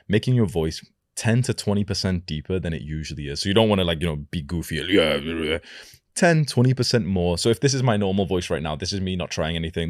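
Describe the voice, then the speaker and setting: A young man coaching viewers in a direct-to-camera vlog, instructive and deliberate, demonstrating his own voice as he explains. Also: low-pitched, no echo, clean studio sound. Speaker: self-improvement coach.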